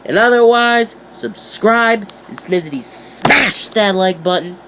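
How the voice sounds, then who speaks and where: Animated teenage boy vlogging. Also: measured pace, noisy background. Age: teens. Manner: animated, playful, jumps pitch for emphasis. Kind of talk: casual chat to camera.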